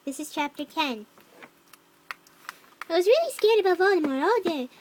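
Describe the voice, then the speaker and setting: A woman voicing a young cat-girl troll who reads a fanfic aloud, with flat narration, mocking asides and yelled quotes. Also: very high-pitched, moderate pace, slight background noise. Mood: deadpan reading. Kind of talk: fan reading of a story.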